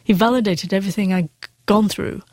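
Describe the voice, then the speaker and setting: A middle-aged woman speaks as an interview guest, stuttering on sounds and pushing through with candid, earnest storytelling. Her voice sits at an ordinary pitch and is recorded close and dry, with no room sound around it. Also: fast talker, a little mellow, no echo.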